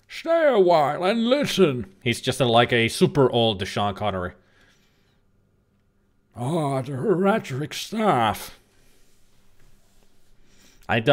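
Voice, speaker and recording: A man's voice: medium pitch, a bit bright. A man giving casual, rambling let's-play commentary as a streamer, joking and now and then swearing. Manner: chatty, rambling, jokey, occasional swearing.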